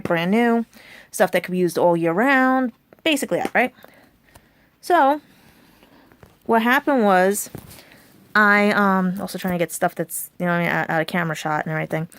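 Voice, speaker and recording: A woman's voice: mid-range voice, dry recording. A woman in her forties telling a rambling personal story to her viewers, chatty and full of asides like "right?" and "and everything". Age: 40s. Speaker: vlogger.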